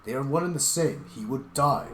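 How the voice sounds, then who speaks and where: A man's voice: medium pitch, fairly quick, a little hiss or hum, close to an everyday voice. A man doing a furious scornful lecturer. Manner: loud, biting, scornful. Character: furious stern lecturer scolding a naive ally. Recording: roomy echo with game music.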